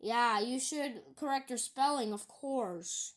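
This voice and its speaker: A woman talking casually in a video, reading out online comments and scoffing at them in halting, rambling sentences. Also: a little high. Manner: halting, rambling, with many restarts. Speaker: YouTuber.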